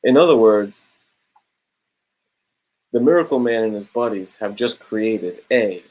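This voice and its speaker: A young man talks through a comic book in a loose, slangy review. His voice sits low with a husky edge. He paraphrases the panels in a casual, unhurried way. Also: expressive, a little mellow, rough recording. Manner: laid-back slangy, drops "bro" and "straight up".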